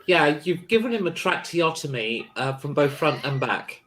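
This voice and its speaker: Casual game master. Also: male voice, on the high side, sing-song, moderate pace, fairly bright tone, a little hiss or hum. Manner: casual, hesitant with fillers. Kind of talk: narrating a tabletop role-playing game.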